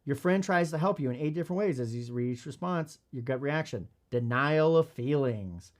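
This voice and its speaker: A male podcast host reads from a parenting book and comments on it in a blunt, casual way, swearing now and then. His pitch swings widely, rising high when he gets worked up and dropping low when he talks quietly. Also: moderate pace. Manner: animated, blunt, swears, acts out kids in high voices.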